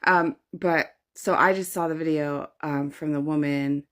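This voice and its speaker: A woman's voice: sits low, fairly even intonation, a little slow. A woman giving a casual, blunt, profane rant to camera as a social media commentator, often repeating her points.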